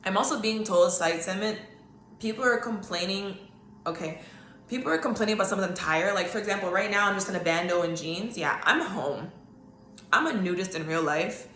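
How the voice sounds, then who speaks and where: A woman's voice: medium pitch, a little fast, a bit bright, echoey room, a little hiss or hum. A woman hosting her own podcast from home, telling a personal story in a candid, rambling way and often asking "okay?" for emphasis. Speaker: podcast host. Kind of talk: casual storytelling monologue.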